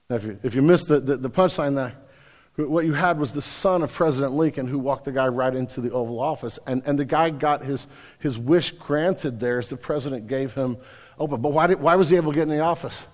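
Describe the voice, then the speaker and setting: Conversational pastor in a reverberant hall. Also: male voice, medium pitch. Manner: conversational preaching with anecdotes, builds to forceful emphasis. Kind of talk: sermon. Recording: long reverb of a large hall.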